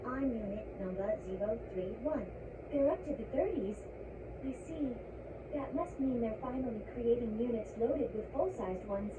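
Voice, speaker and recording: A woman voices a curious, polite young robot girl in a video game, with a fairly high voice. The game audio sounds distant and roomy, with clear noise behind it. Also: expressive, normal speed, highs cut off, natural voice. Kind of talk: game voice acting.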